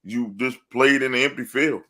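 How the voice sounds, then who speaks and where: A man co-hosting a sports podcast, casual chat that breaks into loud, laughing, swearing rants. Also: mid-range voice, normal speed. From New Orleans area. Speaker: podcast co-host.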